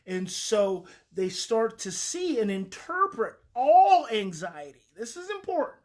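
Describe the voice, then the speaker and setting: A woman's voice: on the high side, very animated, a little slow, a little mellow. A woman talking earnestly and emphatically as a parenting advice host, repeating key phrases for weight.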